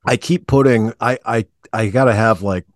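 A man's voice: on the low side, moderate pace, dry recording, studio quality. A middle-aged man from Ohio, co-hosting a podcast in casual chat, with wry, self-mocking humor. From Ohio, USA. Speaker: podcast co-host.

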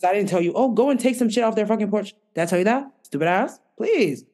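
A woman co-hosting a podcast from a home room with dogs tells a story in a casual, ranting chat, exasperated, animated and swearing plenty. Her voice is medium-pitched and fast.

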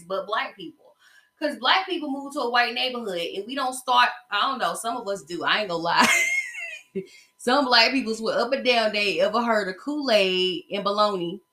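Pushed, bright, and a little high, this woman's voice sounds roomy as she gossips about reality TV on her podcast. She's a Southern American host, talking bluntly and casually with slang and a steady stream of fillers.

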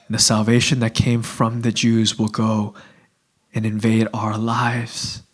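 A man preaching a sermon in a casual, conversational way, full of fillers and restarts, often dropping to a hushed, earnest voice. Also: on the low side, monotone, measured pace, breathy edge.

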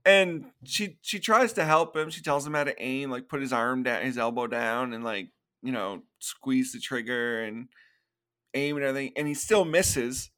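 A man co-hosting a podcast, casually recapping film scenes and acting out quick quotes in between laughs. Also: medium pitch, fairly bright tone. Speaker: podcast co-host. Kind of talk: casual movie recap chat.

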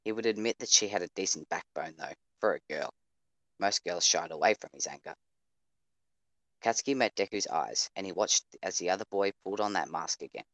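Narrating an audio drama, a man speaks in a measured, steady way from a very low register. The recording is dry, with no room sound and no echo, captured on a home microphone over voice chat.

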